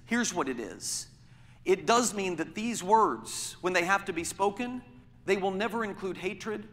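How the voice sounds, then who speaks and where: In a large hall with long reverb, a pastor's high, bright voice rings out during his sermon. He presses his case through pointed rhetorical questions.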